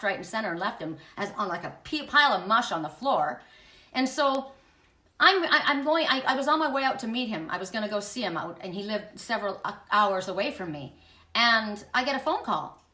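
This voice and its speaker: Bright-voiced woman telling a candid story. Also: mid-range voice, roomy sound, distant mic. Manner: emphatic, confiding, with frequent restarts and profanity. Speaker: spiritual channel host.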